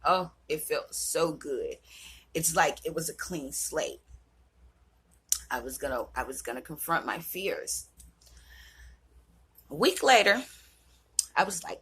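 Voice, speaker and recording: A woman in her thirties speaks in a low, deeply husky voice, unhurried and earnest. Her pitch swings widely as she shares, and at moments she sinks to a whisper. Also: lively intonation, a bit bright. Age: 30s. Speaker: vlogger. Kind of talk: personal reflective vlog talk.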